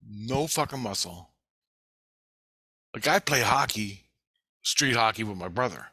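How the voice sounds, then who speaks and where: A middle-aged man telling rambling, profane stories from his past in a casual monologue, getting loud when excited. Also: on the low side, measured pace, long pauses, husky, no echo. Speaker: vlogger.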